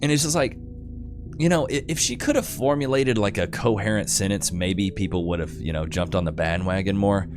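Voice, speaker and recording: A man's voice: low-pitched, a little fast, music in the background. A man hosting casual reaction commentary, slangy and loose, calling people bro. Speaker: commentary host.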